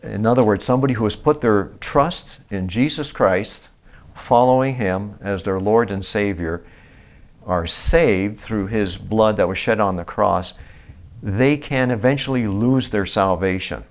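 A man, an elder of a small church, preaching a sermon, reading scripture slowly and with emphasis, then explaining it in plain talk with fillers and restarts. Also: fairly low pitch. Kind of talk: expository sermon.

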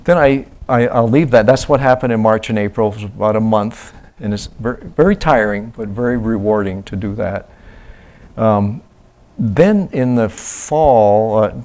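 A man telling a church about his mission work in a halting, casual way, often restarting his sentences. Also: on the low side. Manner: halting, restarts, acts out quoted voices loudly. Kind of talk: casual slide-show talk.

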